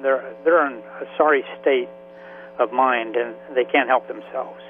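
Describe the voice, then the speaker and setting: A man in his seventies, a veteran and author, telling his story in a halting, emotional way with many restarts. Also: mid-range voice, fairly even intonation. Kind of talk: radio interview by phone. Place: Florida. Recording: tinny phone line with faint hiss.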